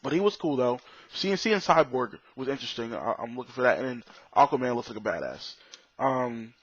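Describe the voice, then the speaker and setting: A man's voice: medium pitch, expressive, brisk, slightly rough, dry recording. A man giving a casual, blunt and profane spoken movie review, full of restarts and strong opinions. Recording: dull, slightly lo-fi dry recording.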